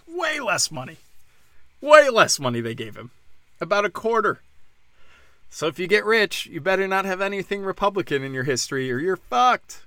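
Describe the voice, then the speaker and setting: Casting: male host, bright forceful voice, sarcastic and foul-mouthed, dry close sound. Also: on the high side, no echo. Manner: profane, sarcastic, rambling. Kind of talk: casual news rant.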